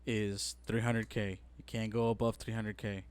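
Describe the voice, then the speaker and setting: A man's voice: fairly low pitch, normal speed, clear, resonant tone. A young man co-hosting a casual podcast chat, telling stories animatedly and acting out quotes. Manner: animated storyteller, acts out quotes loudly. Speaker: podcast co-host.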